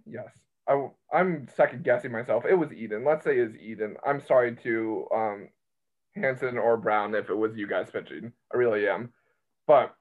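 A man hosting a casual sports podcast. He rambles in an excitable way and keeps cutting into his own sentences. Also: mid-range voice. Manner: rambling, excitable, self-interrupting. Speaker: college baseball podcast host. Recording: tinny phone-line sound.

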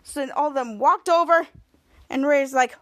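A woman's voice: high voice, normal speed, a bit bright. A woman hosting a podcast, retelling an episode in a rambling run-on way, stringing everything together with "and". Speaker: podcast host. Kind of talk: casual episode recap.

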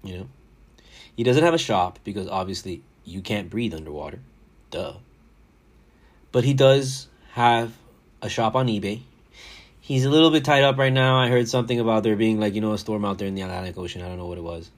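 A man's voice: lowish voice, brisk. A man hosting a casual solo podcast, rambling and joking with frequent swearing. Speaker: podcast host.

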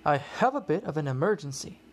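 A woman reading a storybook aloud, voicing a kindly, handy grandfather in a slower, lowered voice. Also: very animated, a little hiss or hum.

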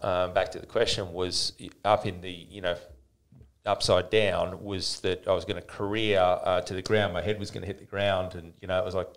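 A deep-voiced man in his forties, chatting as a podcast guest. He tells stories in a rambling, lively way, restarting his sentences often. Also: moderate pace. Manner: rambling, animated storyteller with frequent restarts. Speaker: podcast guest, fitness business owner. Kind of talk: casual interview storytelling.

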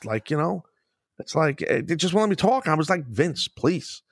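A middle-aged man hosting a podcast, telling wrestling stories in a loose, profane, animated way, laughing often. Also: on the high side, a little fast, vocal fry, no room sound, clean studio sound. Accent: New York. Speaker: podcast host, former wrestler. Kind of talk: casual storytelling chat.

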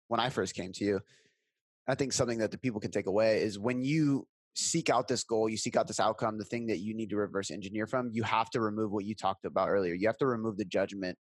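A man's voice: lowish voice, no room sound. A man talking casually as a content creator on a podcast, earnest and reflective, with some swearing.

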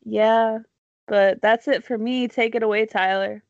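A woman's voice: fairly high pitch, fairly even intonation, measured pace, dry recording, lo-fi sound. A woman telling a story in casual chat, rambling with many likes and ums, laughing often.

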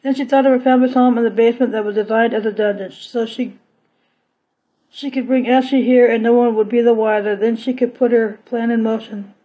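A woman narrates a serialized story chapter in a plain reading manner, now and then restarting a phrase. Her voice sits a little high. The recording is dull and lo-fi. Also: steady tone, a little fast.

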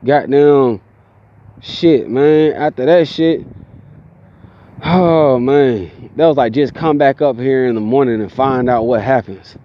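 A tired young man telling a profane, animated story in casual talk, inside a vehicle. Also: mid-range voice, slow, dull audio. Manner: profane, animated, mimics people in his stories.

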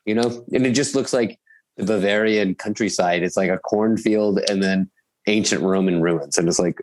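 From home in Bavaria, a guest musician in his thirties rambles through a casual chat, often using fillers and restarting sentences. His voice is fairly low and darkish, at a moderate pace.

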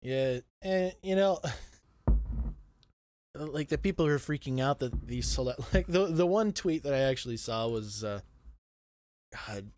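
A man's voice: mid-range voice, expressive, a little slow, pauses often, darkish tone. Laughing, profane man chatting. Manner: laid-back, profane, laughing often. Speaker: podcast co-host. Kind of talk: casual chat.

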